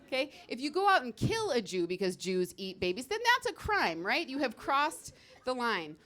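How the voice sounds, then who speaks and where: A woman working a stand-up set on stage, talking in a brash, punchy way. Her voice sits a touch high for a woman, and she keeps a casual, conversational delivery. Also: sing-song, moderate pace, fairly bright tone. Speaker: stand-up comedian.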